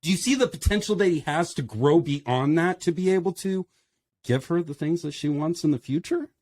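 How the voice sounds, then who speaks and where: A man's voice: a little high, moderate pace, a little mellow, dry recording, clean studio sound. A man in a casual podcast discussion, speaking with passion and firing off emphatic rhetorical questions. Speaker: podcast panelist.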